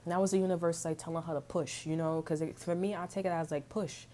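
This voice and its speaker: A woman's voice: lowish voice, fairly even intonation, quick pace, mellow, a little hiss or hum. A woman giving a casual tarot reading, chatty and slangy, swearing freely and humming little tunes between thoughts. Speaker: tarot reader.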